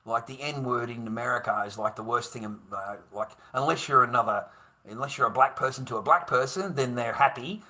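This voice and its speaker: The Aussie host keeps up his rambling live-stream chat, swearing without restraint, laughing frequently and calling viewers mate. He speaks fairly quickly in a mid-range voice that comes across bright and forceful.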